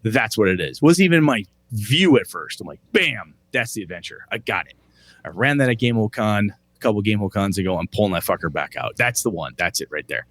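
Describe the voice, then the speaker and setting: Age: middle-aged. Sex: man. Pitch: low, very lively. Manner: animated, profane storyteller. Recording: dry podcast mic. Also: brisk, hardly any pauses, no room sound. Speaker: podcast co-host. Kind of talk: casual chat.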